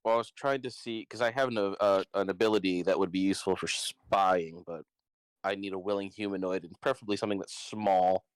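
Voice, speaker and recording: Smooth-voiced, hesitant man checking rules. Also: low-pitched, fairly even intonation, brisk, no room sound, poor audio. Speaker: player. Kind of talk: casual tabletop game chat.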